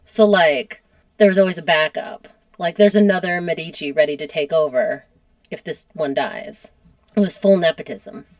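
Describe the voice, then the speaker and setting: An American woman hosting a casual history podcast, chatty and quick to laugh at herself. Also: low-pitched, darkish tone, dry recording. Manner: chatty, laughs often, self-deprecating. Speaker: podcast host.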